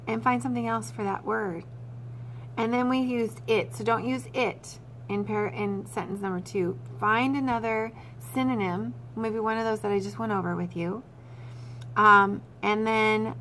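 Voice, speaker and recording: A woman's voice: medium pitch, fairly bright tone, slight background noise. Woman teacher giving a recorded lesson. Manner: instructive, repeats key points for students.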